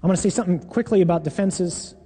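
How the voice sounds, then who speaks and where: Earnest preacher in a reverberant hall. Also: male voice, high-pitched, warm tone, slightly rough. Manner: earnest, emphatic, deliberate. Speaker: Catholic preacher. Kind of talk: sermon.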